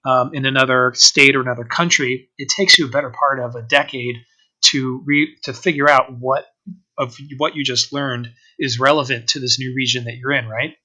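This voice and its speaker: A man's voice: mid-range voice, steady tone, moderate pace, pushed and bright, low-quality recording. A man being interviewed about running an organic vineyard, talking casually with many ums and restarts. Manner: hesitant, lots of fillers and restarts. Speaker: organic winery owner, guest.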